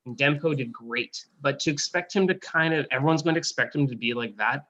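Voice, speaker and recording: A man's voice: medium pitch, fairly quick, sharp tone, highs cut off. A man rambling in casual sports talk over a video call, full of fillers and restarts.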